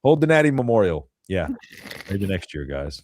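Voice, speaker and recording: A young man co-hosting a sports call-in show, talking in a casual, opinionated, rambling way and often clearing his throat. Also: low-pitched, sing-song, normal speed, a little mellow, slight background noise.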